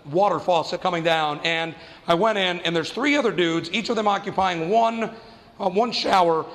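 A man doing stand-up comedy, telling a story fast and animatedly and acting out the voices of the people in it. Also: sits high, a bit bright, long reverb tail. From New Mexico.

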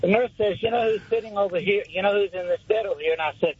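A man in his seventies calling into a radio show and telling a story in a folksy, unhurried way. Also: high-pitched, breathy edge. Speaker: caller. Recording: dull lo-fi radio broadcast.

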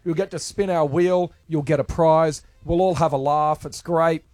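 A man's voice: a little high, fairly even intonation, moderate pace, a little mellow, no room sound. Upbeat male radio host, dry studio sound. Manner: upbeat, promotional. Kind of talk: breakfast radio hosting.

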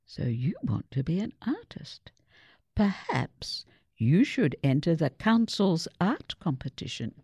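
A woman's voice: fairly low pitch, sing-song, slow pace, a little mellow, husky, no room sound, full character voice. A woman voicing an encouraging female schoolteacher in a children's story.

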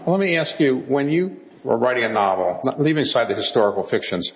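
A man's voice: mid-range voice, animated, brisk. Brief: male host asking long questions, roomy reverb, dull sound. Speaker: interviewer host. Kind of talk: interview questions.

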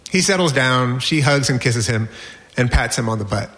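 Brief: man in his 40s, mid-pitched voice, wry memoir reading. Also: animated, normal speed, fairly bright tone. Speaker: narrator. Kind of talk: reading a personal essay aloud.

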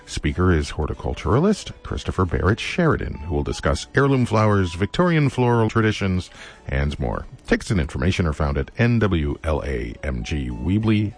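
A man reading a sponsor announcement for a radio station in a measured announcer voice. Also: deep voice, very animated.

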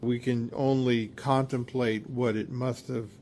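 A man preaching a sermon in a measured, reflective way, with occasional hesitations. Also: mid-range voice, little pitch movement, darkish tone, slight background noise.

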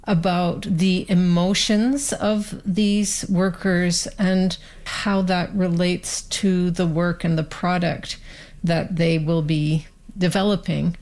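A woman interviewer setting up a question in a calm, explanatory way. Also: fairly low pitch.

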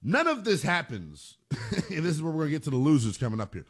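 A man's voice: fairly high pitch, very animated, quick pace. A man hosting a sports talk radio show, delivering an emphatic monologue and repeating phrases for punch.

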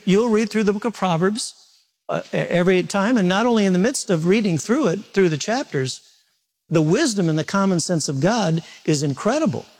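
A man preaching a morning sermon as a pastor, talking conversationally with repetition and self-deprecating humor. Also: high-pitched.

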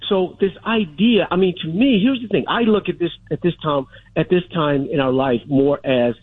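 A man's voice: a little high, moderate pace, breathy edge, no room sound. A middle-aged man calling a radio show, arguing insistently and holding his ground over interruptions. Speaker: caller. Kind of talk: radio call-in talk. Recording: phone line.

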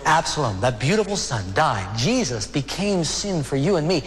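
A man preaching a sermon as a pastor, earnest and emotional, slowing down for dramatic pauses. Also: fairly high pitch, very animated, in a large hall.

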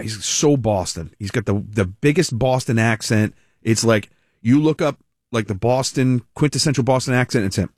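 Animated blunt radio talk show host, man. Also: mid-range voice, a little fast, no echo, clean studio sound.

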